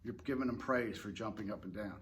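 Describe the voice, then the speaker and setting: A man who trains dogs, talking in a relaxed, rambling way and explaining tips casually with fillers and restarts. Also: on the low side, quick pace, a little hiss or hum. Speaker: dog trainer. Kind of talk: casual instructional talk.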